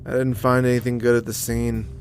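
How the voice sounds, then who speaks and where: A man narrates in a first-person noir style as a weary, gruff detective, his voice mid-pitched and grumbling. He curses casually. Music plays clearly under him. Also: monotone, fairly quick. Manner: world-weary, gruff, cursing.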